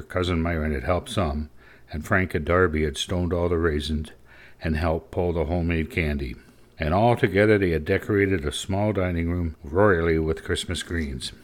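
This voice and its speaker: A man narrates a story at an even, measured pace. His voice is very low and deep. He sounds like a classic audiobook reader.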